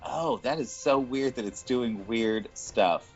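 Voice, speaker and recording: A man in a mid-range voice runs a tabletop game with a playful, chatty manner. He makes quick rulings and jokes along the way. The sound is muffled and lo-fi, with faint music playing underneath. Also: mid-range voice. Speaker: game master. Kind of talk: running a tabletop game online. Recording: muffled lo-fi stream audio.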